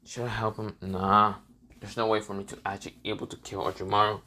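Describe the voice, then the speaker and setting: A man voicing a young female ninja who mutters to herself in a low, quiet voice. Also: level tone, fast. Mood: doubtful. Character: cool young female ninja, wary onlooker.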